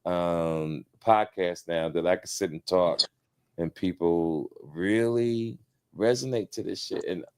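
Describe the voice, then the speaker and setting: A lower-voiced man chatting on a podcast. He tells his stories with animation and swears freely as he talks. The delivery stays loose and conversational. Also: a little slow, clean tone. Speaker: podcast guest. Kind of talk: casual podcast chat.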